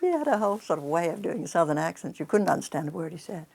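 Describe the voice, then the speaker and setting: Older woman with a low, gravelly voice. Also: very animated, fast, a little mellow, a little hiss or hum. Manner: chatty, amused storytelling. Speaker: interviewee. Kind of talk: reminiscing interview.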